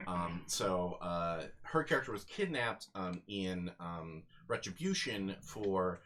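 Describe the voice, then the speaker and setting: A man's voice: low-pitched, animated, takes it slowly, fairly bright tone. A man running a tabletop game as game master, talking casually with many fillers and restarts.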